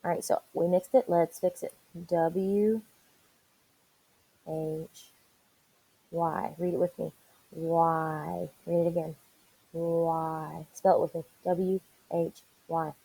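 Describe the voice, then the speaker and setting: Gravelly husky woman teaching young kids. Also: on the low side, level tone, dark tone, poor audio. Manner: encouraging, slow and deliberate spelling aloud. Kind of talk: online reading lesson for young children.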